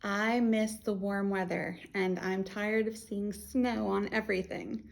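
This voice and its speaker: A woman's voice: medium pitch, steady tone, measured pace, vocal fry. An American woman working as a children's librarian, reading a picture book aloud and acting out animal sounds in a playful way.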